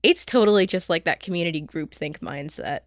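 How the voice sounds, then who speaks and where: A woman co-hosting a podcast in casual chat, animated and teasing, full of fillers. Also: low voice, brisk, no room sound, studio quality. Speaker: podcast co-host.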